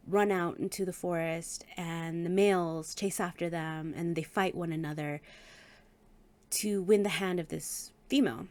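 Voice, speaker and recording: A woman giving a casual book review. She speaks in an animated way, laughs often and swears casually. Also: lowish voice.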